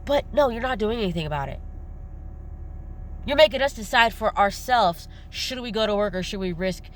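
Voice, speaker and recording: A woman's voice: mid-range voice, animated, moderate pace. A woman vlogger ranting to her viewers, riled up, irritated and blunt, repeating her jeers. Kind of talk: ranting monologue to camera.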